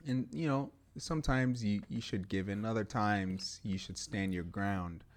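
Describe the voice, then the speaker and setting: Low-voiced animated male podcast host. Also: a little slow. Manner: animated, emphatic, laughs often. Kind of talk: casual chat.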